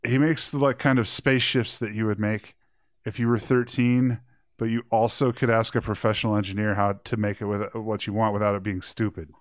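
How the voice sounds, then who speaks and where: A man co-hosting a movie podcast, cracking wry jokes as he talks. His voice sits a little low. The recording is dry and close to the mic. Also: little pitch movement, brisk, no room sound. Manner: joking, wry, chuckling asides. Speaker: podcast co-host. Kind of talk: casual movie review chat.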